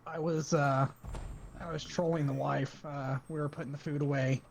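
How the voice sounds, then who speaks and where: A man's voice: fairly high pitch, flat delivery, normal speed, creaky, a little hiss or hum. A married man playing a co-op game with friends, teasing and joking in casual chat. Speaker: co-op gaming partner. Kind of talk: casual chat while gaming.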